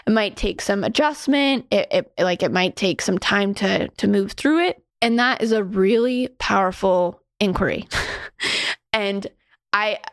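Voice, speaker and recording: A woman teaches in a casual spiritual talk, her medium-pitched voice moving a little slowly. She's chatty, scatters "like" throughout, and laughs often as she speaks. The recording is dry and studio quality.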